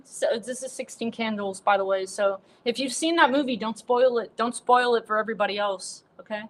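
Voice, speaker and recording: A woman's voice: on the high side, fairly quick, hardly any pauses, rough recording. A woman hosting a livestream, chatting casually and irreverently in a rambling way full of fillers. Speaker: livestream host.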